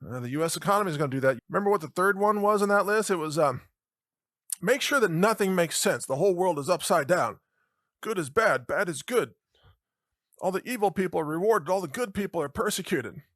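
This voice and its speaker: A man's voice: high voice, lively intonation, brisk, a bit bright, dry recording, studio quality. A middle-aged man giving a sarcastic commentary monologue as a podcast host, mocking and chuckling often between remarks.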